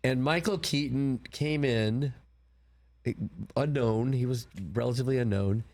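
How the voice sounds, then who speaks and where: An older man being interviewed in a studio, with a voice of middle pitch. He tells long, rambling stories and brings them to life when he quotes people. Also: unhurried. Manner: rambling anecdotes, animated quoting. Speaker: film producer, guest. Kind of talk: casual interview storytelling. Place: broadcast studio.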